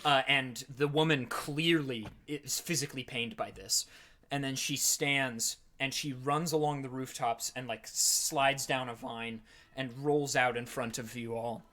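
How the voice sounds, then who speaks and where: A man narrating a tabletop game as game master, rapid and animated with many fillers. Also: medium pitch.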